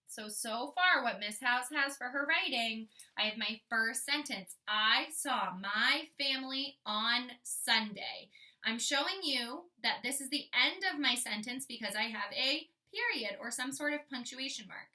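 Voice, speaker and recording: A young woman teaching kindergarten, with a very bright, high voice. She thinks out loud and slowly sounds out each letter for young children. She is recorded from a distance from the mic. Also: animated. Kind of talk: modeling writing for young children.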